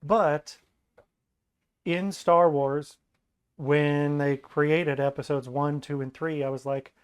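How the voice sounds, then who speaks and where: A man as a podcast guest in casual chat, animated and acting out quoted lines in mocking voices. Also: fairly high pitch, slow, smooth.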